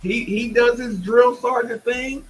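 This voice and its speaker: A man hosting a sports talk show, emphatic and animated, often imitating others. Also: extremely high pitch, unhurried, soft background music, low-quality recording. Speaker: host.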